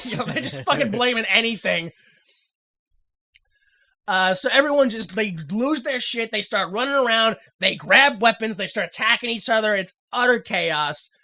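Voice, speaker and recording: A woman co-hosting a casual podcast, recapping a TV episode and acting out the characters in loud, exaggerated voices. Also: a little high, moderate pace. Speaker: podcast co-host.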